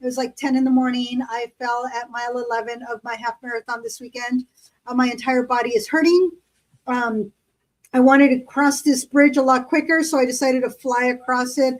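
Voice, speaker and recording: High-voiced chatty woman. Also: fairly even intonation, moderate pace, low-quality recording. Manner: chatty storyteller, lots of fillers. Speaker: podcast co-host. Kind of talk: casual chat.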